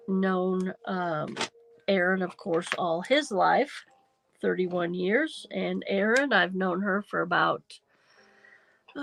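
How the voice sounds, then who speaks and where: A woman's voice: lowish voice, creaky, fairly bright tone. A middle-aged woman with a nasal, congested voice, chatting casually on a craft livestream; she rambles, apologizes often, and says um a lot while feeling achy and unwell. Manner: rambling, apologetic, many ums and restarts. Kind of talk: casual livestream chat while junk journaling.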